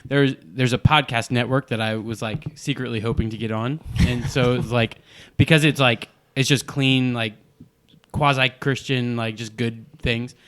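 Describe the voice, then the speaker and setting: A man's voice: medium pitch, steady tone, normal speed, fairly bright tone, smooth. A man co-hosting a casual podcast chat, rambling and laughing often. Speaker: podcast co-host.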